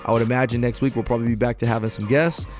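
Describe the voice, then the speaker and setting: A man's voice: mid-range voice, fairly even intonation, rapid-fire, faint music behind. A man hosting a podcast, speaking in an earnest, motivational, conversational way. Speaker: podcast host. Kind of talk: casual podcast chat.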